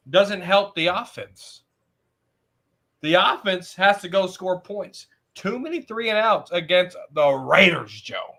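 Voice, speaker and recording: Slow, bright-voiced man. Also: high voice. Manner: blunt, repeats words. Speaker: podcast co-host. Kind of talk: casual sports podcast chat.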